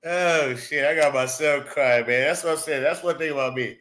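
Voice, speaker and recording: Bright-voiced laughing livestream host man. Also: a little high, moderate pace, hardly any pauses. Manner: loose, laughing, swearing, reads chat aloud. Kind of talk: casual livestream chat.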